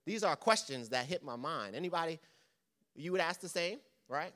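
A man's voice: on the high side, animated, moderate pace, bright, forceful tone. A man preaching a sermon as pastor, firing off impassioned rhetorical questions one after another.

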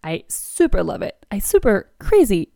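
A woman's voice: mid-range voice, sing-song, normal speed, gravelly, mellow, no room sound, studio quality. A woman hosting a podcast, talking candidly in a casual, chatty way with lots of filler words. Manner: chatty and candid, with frequent "like" and "you know". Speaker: podcast host. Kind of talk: casual personal chat.

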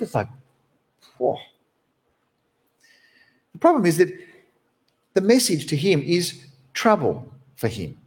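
A man who is a pastor, preaching a sermon from behind the pulpit in an animated, conversational way. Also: slow, pauses often. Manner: animated, conversational preaching with wide swings in pitch.

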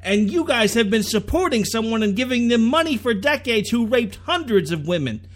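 A man's voice: very high-pitched, big pitch swings, normal speed. A man hosting a podcast, ranting with sarcasm in political commentary. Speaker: podcast host.

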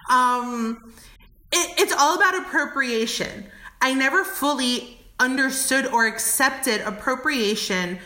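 Slow, bright-voiced woman swearing candidly. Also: fairly high pitch. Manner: swears often, laughs. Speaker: podcast guest, travel company founder. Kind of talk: candid conversational storytelling. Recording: echoey room.

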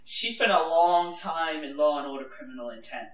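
Lively, bright woman in her thirties, echoey room. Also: sits low, moderate pace. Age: 30s. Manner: animated, laughs easily, casual swearing. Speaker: podcast co-host and French teacher. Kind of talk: casual chat. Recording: roomy echo.

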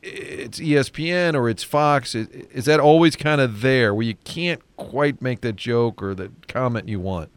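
A man hosting a casual interview, joking and chatty with quick asides. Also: medium pitch, smooth. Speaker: podcast host.

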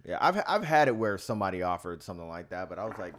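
A man's voice: low-pitched, fast talker, hardly any pauses. A man co-hosting a podcast in casual chat, telling travel stories and acting out the people he quotes. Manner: animated storyteller, acts out the people he quotes. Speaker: podcast co-host.

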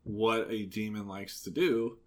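Low-voiced man chatting about films. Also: a little slow. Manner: chatty, opinionated, with frequent fillers. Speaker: podcast co-host. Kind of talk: casual film review chat.

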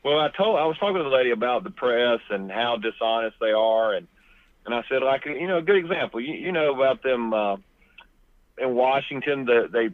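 A man's voice: mid-range voice, animated, fairly quick, dry recording. A man co-hosting a casual political talk show, telling chatty anecdotes over a tinny phone line.

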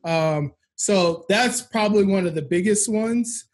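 A man in his thirties who co-hosts a podcast and runs a business talks candidly and reflectively in a casual chat. His voice is high-pitched and unhurried.

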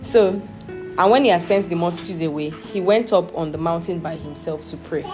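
Woman, Bible study teacher, patient explaining, asks questions, fairly low voice, music in the background. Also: normal speed. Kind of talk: reading scripture aloud and explaining it.

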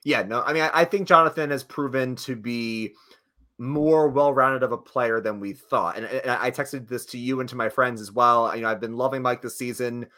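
A man with a bright, clear tone talks through the week's episode in a loose, rambling manner. He restarts sentences often and leans on fillers as he chats with his co-host. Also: medium pitch, moderate pace. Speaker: podcast co-host. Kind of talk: casual chat.

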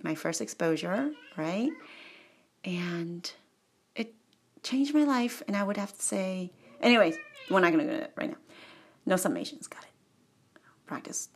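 A woman's voice: fairly low pitch, unhurried, long pauses, slight background noise. A woman vlogger telling a rambling personal story, often cutting herself off, going off on tangents and laughing. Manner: digressive, self-interrupting, laughs often; animated and chatty.

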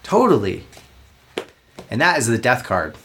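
A man with a Southern American accent, co-hosting a casual podcast chat, animated, laughing often and swearing freely. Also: medium pitch, unhurried, slight background noise. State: high. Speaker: podcast co-host.

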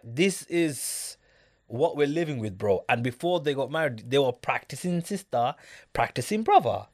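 A man in a casual discussion, speaking emphatically and often asking his listener if he gets it. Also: a little high. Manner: emphatic, keeps asking "do you get it?".

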